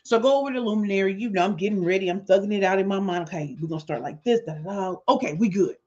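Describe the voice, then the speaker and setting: A middle-aged woman hosting her podcast, telling a story in an animated, conversational way with emphatic repetitions. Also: medium pitch, racing. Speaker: podcast host and business speaker. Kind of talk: storytelling monologue. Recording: dull lo-fi sound.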